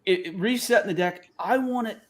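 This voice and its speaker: A man with a notably high voice riffs through casual podcast banter. He is opinionated, profane and animated, and he jumps from one take to the next. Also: brisk. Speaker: podcast co-host. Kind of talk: casual chat.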